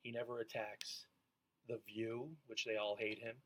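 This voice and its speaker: A man's voice: fairly low pitch, flat delivery, moderate pace, a bit bright, rough recording. A man chiming in on a radio talk show, blunt and matter-of-fact. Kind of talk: casual chat.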